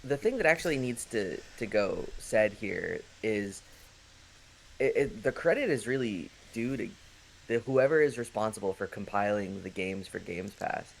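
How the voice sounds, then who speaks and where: A man co-hosting a casual gaming podcast, talking in a measured way with frequent restarts. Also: fairly low pitch, animated, gravelly, slight background noise, rough recording. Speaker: podcast co-host.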